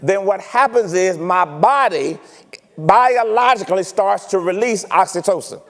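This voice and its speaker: High-voiced preacher in an echoing church. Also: male voice, measured pace. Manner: animated, teasing preaching with rhetorical questions. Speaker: pastor. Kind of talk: sermon. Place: church sanctuary.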